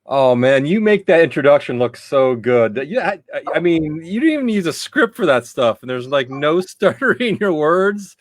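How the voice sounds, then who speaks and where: A man's voice: a little high, normal speed, few pauses, no room sound. Easygoing man on a dry-sounding video call. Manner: relaxed, self-deprecating, stumbles on words. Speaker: guest, mental health advocate. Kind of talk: casual interview talk.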